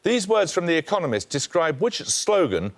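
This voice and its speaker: A man hosting a quiz show, reading questions and introductions in a brisk, precise, authoritative manner. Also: a little high, big pitch swings.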